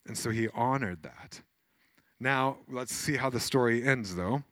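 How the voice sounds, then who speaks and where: A male pastor delivering a sermon with a bright, pointed tone. He reads scripture aloud, then talks in an easygoing, slightly snarky way and breaks into urgent acted-out scenes. The sound is close and dry, with almost no room echo. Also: mid-range voice, measured pace. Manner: conversational, a little snarky, acts out scenes with rising urgency.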